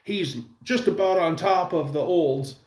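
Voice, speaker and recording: Slow-talking man telling car stories. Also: sits high, darkish tone, reverberant. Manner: rambling, self-interrupting anecdotes with laughs. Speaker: livestream host. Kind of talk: casual storytelling.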